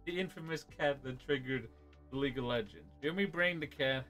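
A man hosting a casual livestream interview from his room, easygoing and halting, with frequent uh-huhs and restarts. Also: mid-range voice, over loud music. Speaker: show host. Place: home room.

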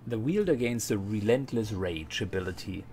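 A man hosting a let's play, relaxed and thinking aloud about the gameplay as he goes. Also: on the low side, moderate pace, slight background noise. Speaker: gaming channel host.

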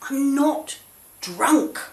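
A woman voicing a grieving young woman who begs in prayer for a child, in a high, tearful, pleading voice. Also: animated, drawn-out words, a little mellow, exaggerated voice. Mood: earnest. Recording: roomy echo.

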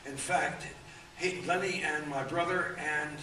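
A man in his eighties telling rambling anecdotes at a book event, halting often with fillers. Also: a little high, fairly even intonation, sharp tone. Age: 80s. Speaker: author and guest. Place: event room. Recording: echoey room, distant mic, faint room noise.

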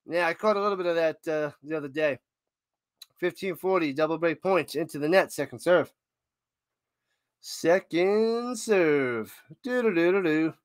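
A man doing casual live play-by-play of a tennis match as a streamer, excitable, humming and chanting between points. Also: fairly high pitch, fairly quick, no echo, studio quality.

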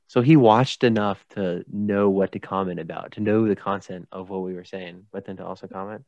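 A man's voice: low voice, steady tone, a little fast, darkish tone, dry recording. Joking man on a dull, dry mic. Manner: joking, rambling, laughs often. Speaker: podcast host. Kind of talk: casual podcast chat.

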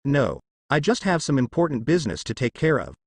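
A man reading as a calm, evasive ninja teacher. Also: medium pitch, a little fast.

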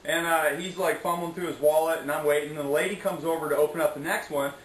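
Middle-aged guy vlogging a story, kinda high voice, chatty and preachy, echoey room with a bit of hiss. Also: fairly even intonation, fast. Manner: chatty, repeats "okay?" and "anyways"; preachy, motivational asides. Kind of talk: casual storytelling vlog.

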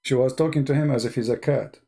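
A man's voice: mid-range voice, fast talker, vocal fry, mellow, slightly rough. A man hosting a live call-in debate show, talking in a blunt, mocking way with loose grammar.

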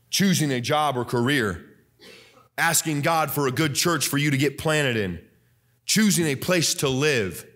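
A young man preaching a fiery Baptist sermon, loud and emphatic, repeating scripture lines and swinging from soft asides up to high, excited preaching. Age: young adult. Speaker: pastor.

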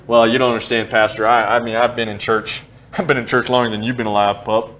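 A man mimicking a smug, defensive longtime churchgoer who stammers out excuses in a lowered voice. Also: little pitch movement, quick pace, fairly bright tone, natural voice.

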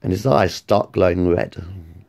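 A man telling a made-up story in a casual, rambling, excitable way, swearing freely. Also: low-pitched, a little slow. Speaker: vlogger.

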